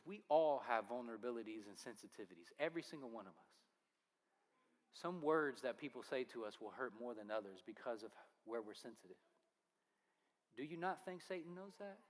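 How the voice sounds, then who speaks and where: A man preaching a sermon as pastor, earnest and firing off rhetorical questions. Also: medium pitch. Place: church sanctuary. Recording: long reverb of a church hall.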